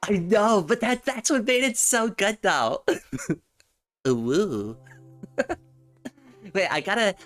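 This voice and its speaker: A woman's voice: medium pitch, lively intonation, takes it slowly, faint music behind. A woman livestreamer in casual chat, talking straight to her viewers, giggling often and repeating words as she thinks.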